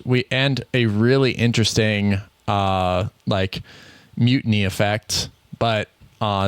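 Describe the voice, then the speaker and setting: A man's voice: medium pitch, no echo. Rambling Midwestern man, dry close mic. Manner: rambling, self-correcting, laughs often. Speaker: podcast co-host. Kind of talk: casual card game chat.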